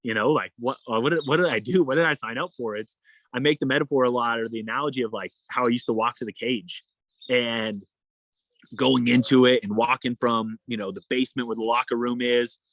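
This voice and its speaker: An endurance athlete guest tells a long, rambling story in a casual interview, his fairly bright voice captured in a dry, poor-quality recording. He fills it with fillers and acts out what people said in a higher voice.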